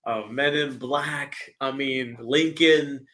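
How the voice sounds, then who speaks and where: A man's voice: mid-range voice, steady tone, takes it slowly, sharp tone. Laid-back male podcast co-host. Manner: laid-back, filler-heavy. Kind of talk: casual chat.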